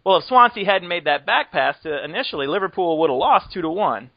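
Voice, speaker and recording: A man's voice: high-pitched, expressive, brisk, no room sound. Joking man hosting a podcast, lo-fi sound. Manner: joking, rambling, laughs often. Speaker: podcast host. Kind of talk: casual chat.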